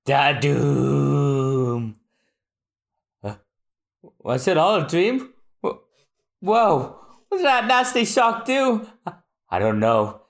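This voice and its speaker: An unhurried co-host narrates a comic page by page on a podcast, with a lively, rising and falling pitch. The delivery is relaxed and conversational, full of small reactions. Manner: slow, reacting and narrating scenes. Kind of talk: casual chat reading manga aloud.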